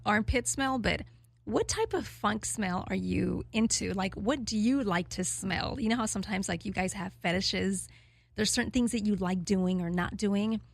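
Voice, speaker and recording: A woman in her forties talks straight to her listeners at a middle pitch. She rambles candidly, fills gaps with "like" and "you know", and laughs easily. The sound is close and dry, with no room around it. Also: no room sound. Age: 40s. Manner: rambling and candid, laughing often, frequent fillers. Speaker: radio show host. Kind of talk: casual chat to listeners.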